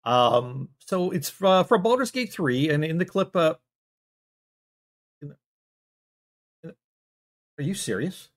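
A man hosting a comedy show, stammering and exasperated as he argues with a silent sidekick, now and then bursting into yelling. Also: on the high side, sing-song, measured pace, pauses often. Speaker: show host. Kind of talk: comic monologue arguing with a silent sidekick.

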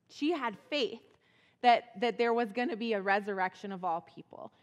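A woman with a fairly high voice tells a Bible story to children in a casual, lively way, acting out each character's lines. Her voice rings with the long reverb of a church sanctuary. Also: normal speed. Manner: casual, animated storytelling with acted-out quotes.

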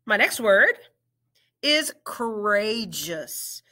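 A woman teacher leading a children's reading lesson, drawing out each word slowly and praising the learners warmly. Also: medium pitch, very animated. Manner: slow, drawn-out word drills with encouraging praise.

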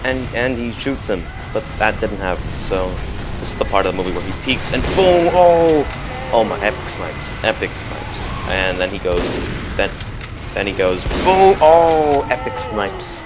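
A man giving comic commentary over his own gameplay, swinging from mumbling asides to sudden loud excited shouts. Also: low voice, normal speed. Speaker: gaming commentator. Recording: loud game music and gunfire behind.

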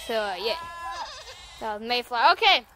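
A woman's voice: a little high, lively intonation, normal speed, noisy background. A young woman chatting casually in a farm vlog, rambling and giggling with lots of filler words. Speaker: farm vlogger. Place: outdoors on a farm with animals.

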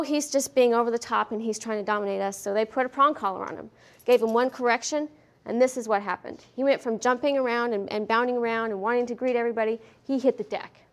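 A woman giving a veterinary behavior lecture at a conference, lively and questioning the audience, acting out what the dogs feel. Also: on the high side. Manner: lively, asks the audience questions, acts out dogs' thoughts. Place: conference hall.

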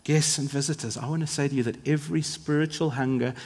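A man preaching a sermon as a pastor, with emphatic swings between loud and soft. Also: a little high, fairly even intonation, quick pace, breathy edge. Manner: emphatic, rising and falling in volume for effect. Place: large church hall. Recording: long church hall reverb.

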